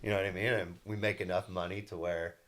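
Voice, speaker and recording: Deep-voiced young man rambling earnestly. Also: level tone, fast, a bit bright. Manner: earnest, rambling, full of restarts and "like". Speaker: podcast co-host and solar salesman. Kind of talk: casual storytelling chat.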